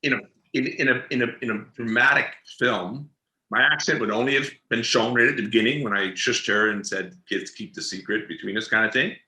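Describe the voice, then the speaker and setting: A man, an actor and interview guest, chatting casually and telling animated stories, laughing often and repeating words as he goes. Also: medium pitch, fairly quick. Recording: roomy echoey room sound.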